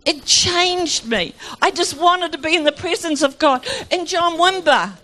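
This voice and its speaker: A woman with a high voice gives a Christian testimony at an unhurried pace. She tells her stories fervently and acts out what others said along the way. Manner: fervent, animated storytelling with acted-out quotes. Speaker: Christian speaker.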